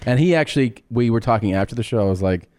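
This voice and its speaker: A man's voice: mid-range voice, lively intonation, very fast, a little mellow, no room sound, studio quality. A male comedian co-hosting a podcast, joking crudely in casual chat.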